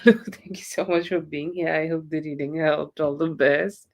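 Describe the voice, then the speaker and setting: A woman with a fairly low voice reads tarot cards on a live stream. Her talk is loose and rambling, and she keeps dropping in "okay" and "you know" as she goes. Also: steady tone, moderate pace. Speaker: tarot reader.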